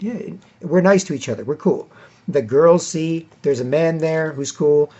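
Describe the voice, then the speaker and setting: A man's voice: a little high, animated, moderate pace, mellow. A man telling a long casual story in a rambling way, tagging his sentences with "right?" and "whatever". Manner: acts out other people in a raised, mocking voice. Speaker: vlogger. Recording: dull lo-fi recording.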